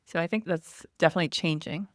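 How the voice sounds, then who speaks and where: A woman's voice: lowish voice, fast, dry recording, studio quality. A woman in her forties, a podcast guest, explaining things in a chatty way with light laughs. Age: 40s. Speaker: podcast guest, online store founder. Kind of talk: casual interview chat.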